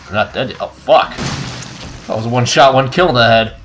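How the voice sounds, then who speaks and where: A man playing a horror game and talking casually, excitable and swearing, yelping when something startles him. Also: mid-range voice, a little fast, slight background noise. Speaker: let's play gamer. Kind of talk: casual gameplay commentary.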